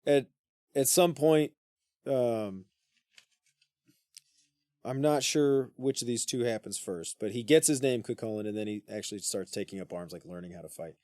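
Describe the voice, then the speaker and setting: Male podcast co-host, mid-pitched, casual storyteller who drops into quick character voices; dry close-miked sound. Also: a little mellow, no echo. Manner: retells myth in slangy voices, swears, laughs.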